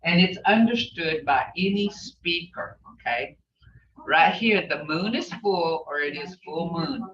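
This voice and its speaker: In dull, distant, echoey lo-fi audio, an older woman leads a casual online language class with an expressive, lowish voice and a measured pace. She tends to ramble a bit, frequently checking with "okay?" that her students are keeping up.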